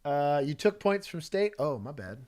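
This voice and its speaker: A man with a Texas accent, a former police officer co-hosting a casual livestream, laid-back and often laughing, his sentences trailing off softly. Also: a little high, big pitch swings, moderate pace.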